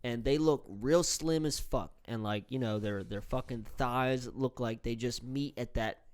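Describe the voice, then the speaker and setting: A man co-hosting a laid-back podcast, spinning crude stories and tripping over his own restarts. His voice sits at an ordinary middle pitch. He keeps the banter loose and playful. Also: unhurried, a little mellow, smooth. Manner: rambling, jokey storytelling with many restarts. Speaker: podcast co-host. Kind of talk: casual banter.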